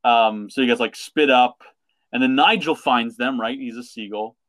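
A podcast co-host in casual conversation retells a story with lots of fillers, animated and acting out the quotes. His mid-range voice moves at a moderate pace, recorded without echo.

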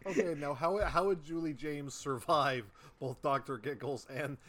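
A man's voice: on the high side, fairly even intonation, normal speed, fairly bright tone. A man in a casual chat, brainstorming a story and prompting his co-host with questions.

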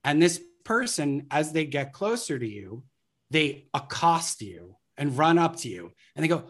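A guest on an interview explains marketing in a casual way, with a voice of middling pitch. The talk runs on anecdotes and acted-out street scenes. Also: animated, unhurried. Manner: anecdotal, acts out scenarios.

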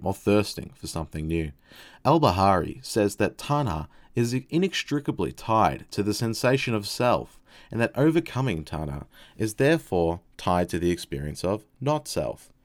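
Deep-voiced Australian man explaining philosophy. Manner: thoughtful, hesitant asides between read passages.

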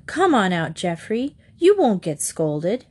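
Woman doing a soft little girl voice, earnest, asks questions, storybook. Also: medium pitch, very animated, takes it slowly. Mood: coaxing. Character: small earnest younger girl.

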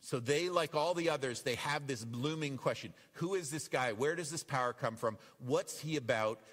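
A man preaching a sermon as pastor, animated and acting out the voices in the passages he reads. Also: mid-range voice, moderate pace, in a large hall. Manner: animated, acts out quoted voices. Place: church.

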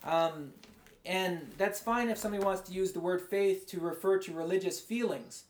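A man giving a conversational, rambling sermon as a pastor, his voice going a bit hoarse. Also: high voice, normal speed, roomy sound, slight background noise. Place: large room, speaking to a congregation far away.

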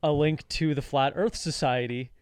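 A man's voice: a little high, steady tone, moderate pace, clean tone, dry recording, studio quality. A man co-hosting a podcast, telling a story in casual chat, sarcastic, laughing often and reading posts aloud. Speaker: podcast co-host.

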